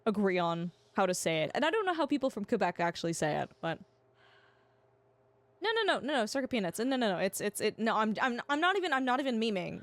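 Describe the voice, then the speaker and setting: A young woman talks to her stream chat in a highish voice. She rambles, stops and restarts her sentences, and keeps answering viewers. The sound is dry and close, as if she sits at a desk mic at home. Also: dry recording. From Canada. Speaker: game streamer. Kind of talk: casual livestream chat.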